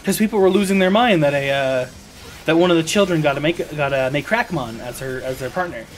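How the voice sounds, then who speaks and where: A man's voice: a little high, fairly quick, soft background music. An American man casually rambling to viewers while streaming a video game, often correcting himself mid-sentence. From United States.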